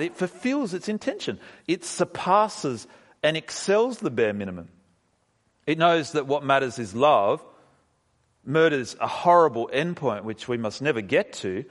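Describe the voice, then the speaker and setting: A man preaching a sermon as pastor, lively, with sudden leaps in pitch and pointed rhetorical questions. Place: church hall. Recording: long reverb of a church hall.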